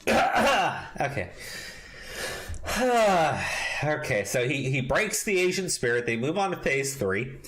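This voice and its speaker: A man's voice: fairly high pitch, very animated, slow, fairly bright tone. A man co-hosting a casual commentary podcast, reading an article aloud and breaking off to swear and react in disbelief.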